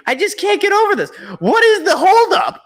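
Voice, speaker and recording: A young man with a high, bright voice reacts live as a sports show host. He rambles with exasperated sarcasm, jumping from gripe to gripe. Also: big pitch swings, moderate pace.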